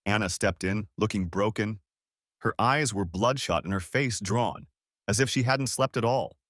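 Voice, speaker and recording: A man narrating a first-person audio story in a measured, calm manner. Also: on the low side, dry recording, studio quality.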